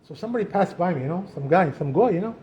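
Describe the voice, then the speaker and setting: Chatty rabbi. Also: male voice, high voice, very fast, slight background noise. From Israel. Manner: chatty, peppers speech with "you know" and "right?"; animated, acts out quoted voices. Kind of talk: informal Torah talk.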